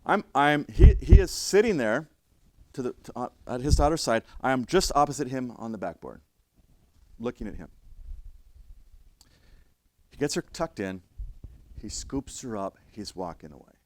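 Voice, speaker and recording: An older man, an instructor, telling a story in a lecture, emphatic and restarting his sentences, now loud, now quiet. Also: medium pitch, lively intonation, moderate pace, long pauses. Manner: emphatic, with frequent restarts and swings in loudness. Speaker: fire service instructor.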